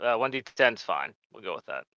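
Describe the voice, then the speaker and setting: A man's voice: lowish voice, big pitch swings, quick pace, creaky, pushed and bright, dry recording, lo-fi sound. A man narrating as game master in a casual, rambling way.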